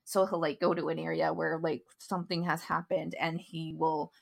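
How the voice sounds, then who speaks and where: A woman in her thirties with a fairly low voice co-hosts a casual podcast. She chats in long, rambling run-on stretches, piling one thought onto the next. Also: little pitch movement, moderate pace, vocal fry. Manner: chatty, run-on storytelling. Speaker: podcast co-host. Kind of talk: casual chat.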